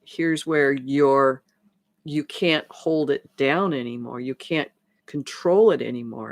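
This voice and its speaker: A woman's voice: very deep voice, takes it slowly, dry recording. A woman coach talks through a live stream, her thoughts looping back with frequent restarts as she acts out little conversations. The sound is dry and close, with no room around it. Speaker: transformation coach. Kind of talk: live-stream talk to viewers.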